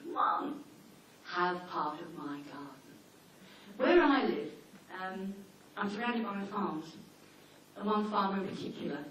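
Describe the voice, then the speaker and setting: A woman talking informally to a seminar audience about dogs, chatty and anecdotal, slipping into quick acted-out asides. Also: medium pitch. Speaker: dog behaviour trainer giving a seminar. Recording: echoey hall, mic far off, faint noise.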